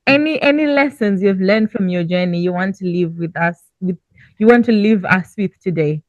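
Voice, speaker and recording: A woman's voice: mid-range voice, moderate pace, dry recording, muffled recording. A woman hosting a casual interview podcast, asking reflective questions in an encouraging way. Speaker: podcast host.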